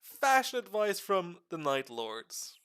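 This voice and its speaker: Animated man explaining lore on a stream. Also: high-pitched, slow pace, clean tone. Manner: animated storytelling with casual swearing. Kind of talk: casual live-stream chat.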